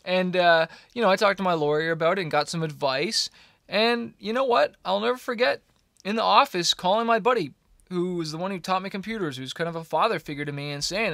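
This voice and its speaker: A young man recounts his journey in an eager, chatty way, dropping "man" and "you know" as he goes. His voice sits a little on the high side. The sound is dry and close, with no room echo. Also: brisk, creaky. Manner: energetic, fillers like "man" and "you know", excitable. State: coughing a little. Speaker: musician vlogger. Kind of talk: casual storytelling to camera.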